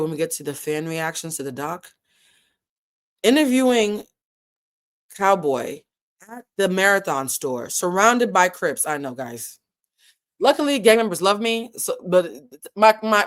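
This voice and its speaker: A woman with a New England accent hosting a casual live commentary stream, animated and digressive, swearing freely and swinging between loud and soft. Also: fairly low pitch, normal speed. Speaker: commentary channel host.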